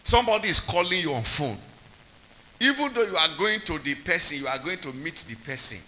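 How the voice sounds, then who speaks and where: A man's voice: fairly high pitch, sing-song, brisk, sharp tone, a little hiss or hum, low-quality recording. A man preaching a sermon, repeating points and quizzing the congregation with call-and-response questions.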